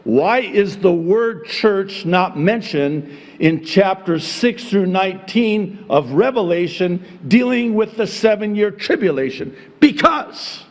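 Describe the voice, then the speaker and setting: A middle-aged male pastor preaching a sermon, moving between quiet teaching and loud emphatic exclamation, with folksy asides and chuckles. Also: sits high, expressive, slow, in a large hall.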